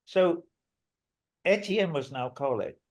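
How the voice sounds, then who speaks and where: A man's voice: on the high side, lively intonation, unhurried, darkish tone, muffled recording. An older man, a musician guest in an interview, telling stories in a rambling, emphatic way and swearing now and then. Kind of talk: interview storytelling.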